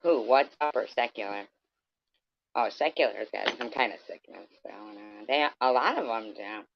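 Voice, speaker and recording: A man's voice: lowish voice, lively intonation, normal speed, vocal fry. A man ranting in a scornful, profane, rambling way, as a vlogger talking casually to his viewers. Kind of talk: casual rant. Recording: dull, dry lo-fi recording.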